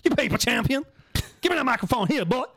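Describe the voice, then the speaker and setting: A man putting on a put-on American accent to play a brash heavyweight fighter taunting a champion, loud and preacher-like. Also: very high-pitched, lively intonation, fast talker, breathy edge, no room sound, pitched above the performer's own voice, exaggerated voice. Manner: loud, preacher-like trash talk.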